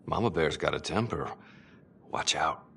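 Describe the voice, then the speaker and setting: An actor voicing a crude, mocking police detective in a game who taunts and swears. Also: male voice, a bass voice, a little slow, gravelly, bright, forceful tone, slight background noise, heavily acted. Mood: sneering. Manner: sneering, profane, taunting.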